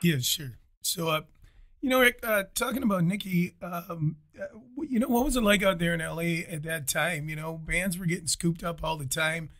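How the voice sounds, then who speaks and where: A man's voice: fairly high pitch, normal speed, fairly bright tone. A male host asking casual, hesitant interview questions full of fillers.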